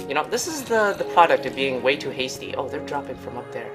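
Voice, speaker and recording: A man giving let's play commentary, excitable and easily panicked, with yelps and repeated exclamations. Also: medium pitch, moderate pace, music in the background. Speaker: gaming channel host.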